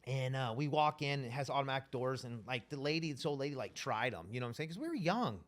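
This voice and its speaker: A man telling a wild story as an interview guest, animated and profane, rambling casually. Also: medium pitch, fast.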